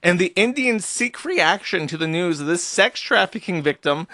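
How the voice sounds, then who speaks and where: High, sharp-voiced sarcastic male streamer. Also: lively intonation, moderate pace, no echo. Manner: sarcastic, profane, agitated. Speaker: streamer host. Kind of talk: ranting live-stream commentary.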